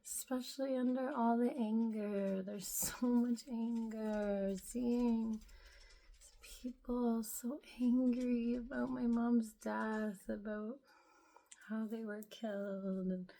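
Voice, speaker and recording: Woman in her 30s, slow, higher voice, rambling vlog talk full of fillers. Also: fairly even intonation, creaky. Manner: meandering, heavy use of "like", soft musing tone. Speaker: spiritual vlogger. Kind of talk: casual rambling monologue.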